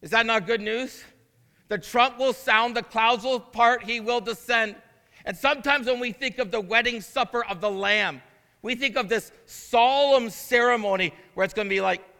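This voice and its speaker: A man's voice: extremely high pitch, normal speed, bright, forceful tone. A man preaching a sermon as interim pastor, reading scripture and talking in earnest asides that build to emphatic proclamation. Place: church sanctuary. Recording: long church-hall reverb.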